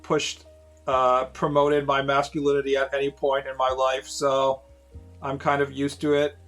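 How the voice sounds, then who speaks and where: A man's voice: mid-range voice, completely flat delivery, a little slow, a bit bright, faint music behind. A man in his late thirties, a streamer casually telling rambling, profane stories to his viewers with lots of fillers. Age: 30s.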